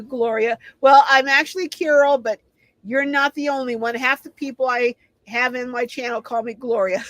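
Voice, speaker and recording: A woman's voice: a little high, a bit bright, dry recording, poor audio. A middle-aged woman hosting a casual livestream, reading viewer comments aloud and answering them in a chatty way. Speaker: live stream host.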